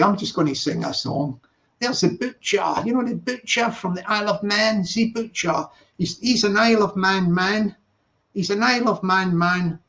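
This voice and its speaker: A man's voice: sits high, gravelly, a bit bright, highs cut off. A man hosting a casual live stream, chatting and repeating himself as he calls viewers darling.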